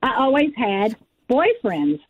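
A woman's voice: a little high, sing-song, slow pace, breathy edge. Earnest woman telling a personal story. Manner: earnest, emotional, quotes herself often. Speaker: guest author. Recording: dull lo-fi audio.

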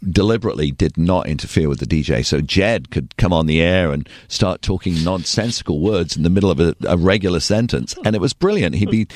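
A man with an English accent, a former radio DJ, telling animated stories in a casual interview. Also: low voice, a little fast, few pauses, no room sound. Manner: animated, emphatic storyteller. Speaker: radio DJ guest.

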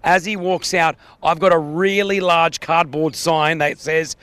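A man's voice: a little high, steady tone, a little slow, fairly bright tone, smooth, no echo. A man hosting a breakfast radio show, telling brash stories and teasing his co-hosts. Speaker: radio host. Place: outdoor broadcast at a museum.

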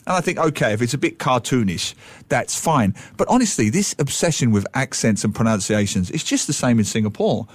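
Lively man on breakfast radio. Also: mid-range voice, fairly quick, dry recording. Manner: animated, playful, mimics voices and accents. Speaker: radio co-host, language commentator. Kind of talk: casual radio chat.

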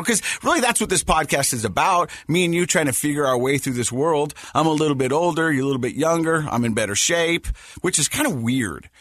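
A man's voice: fairly high pitch, no room sound, studio quality. A man in his forties co-hosting a podcast, telling a family story in casual chat and laughing as he goes. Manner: animated, laughs while telling stories. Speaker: podcast co-host.

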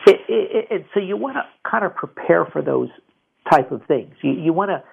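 A man's voice: fairly high pitch, lively intonation, moderate pace, gravelly, slight background noise. A man hosting a financial advice call-in radio show in a casual, rambling way, with many repeated restarts. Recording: tinny phone-like radio audio.

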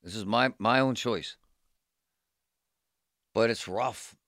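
Forceful deep-voiced man ranting on radio. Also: slow pace, no room sound, studio quality. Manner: animated, ranting storyteller. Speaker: radio co-host. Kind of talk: radio talk show chat. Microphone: studio microphone.

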